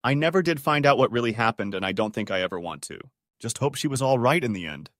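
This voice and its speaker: A man narrating a string of short online stories in a steady, scripted reading voice. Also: mid-range voice, fast talker, no echo, studio quality.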